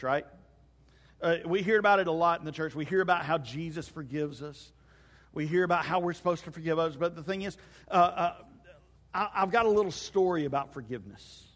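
A man's voice: fairly high pitch, a bit bright. A man preaching a sermon as pastor in a church, folksy and joking as he tells stories. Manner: folksy storytelling with jokes. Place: church sanctuary. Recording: long hall reverb.

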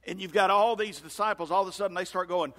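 A male pastor preaching a sermon in a church sanctuary, acting out scripture dialogue with lively swings in voice. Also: high-pitched, fast. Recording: long hall reverb.

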